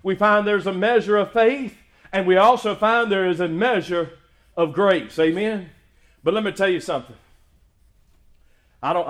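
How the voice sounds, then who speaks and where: A man with a high, bright voice delivers a sermon. He swells into loud, emphatic praise, then relaxes into folksy, humorous storytelling for the congregation. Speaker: pastor.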